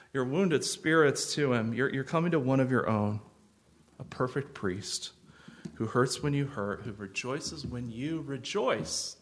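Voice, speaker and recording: A man preaching a sermon as pastor, earnest and gentle, with sudden swells of intensity. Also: medium pitch.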